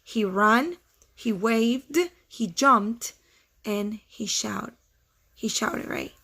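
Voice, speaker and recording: A first grade teacher reading a story aloud to her class. She reads slowly and pauses to explain and ask the children questions. Her voice sits fairly high. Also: vocal fry, bright, forceful tone, husky.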